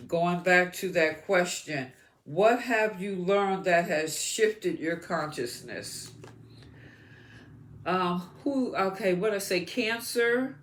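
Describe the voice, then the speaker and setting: A tarot reader giving an astrology reading to the viewer, encouraging and repeating words as the cards come up. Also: medium pitch.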